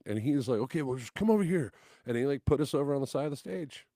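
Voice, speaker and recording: Lively storytelling man, dry close sound. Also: medium pitch, a little fast, no echo. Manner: animated storyteller, acts out quotes, swears casually. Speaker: guest musician. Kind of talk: casual chat.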